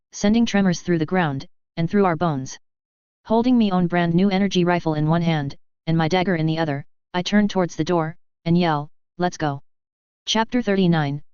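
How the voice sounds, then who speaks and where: Smooth low-voiced woman narrating. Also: darkish tone, no echo. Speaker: audiobook reader. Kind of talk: fan fiction audiobook narration. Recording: dry, slightly dull home recording.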